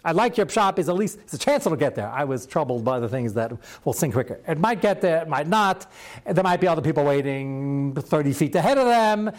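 A man teaching a Talmud class as a rabbi, chatty and animated, sprinkling his talk with Hebrew and Yiddish terms. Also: fairly high pitch. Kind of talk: Talmud class lecture with storytelling.

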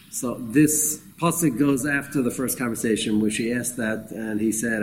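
A man's voice: mid-range voice, steady tone, moderate pace, slight background noise, poor audio. Wry man teaching a Bible class. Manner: conversational and wry, acts out quoted speakers. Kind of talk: informal Bible class lecture.

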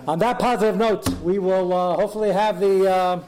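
Man, fairly high voice, animated Torah class teacher telling stories, Hebrew terms, quick asides. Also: noisy background.

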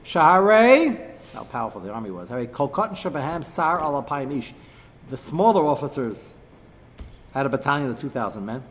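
A man's voice: medium pitch, animated, brisk, in a large hall. A man teaching a text-study class, acting out quoted speakers with sarcastic asides. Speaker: Torah teacher.

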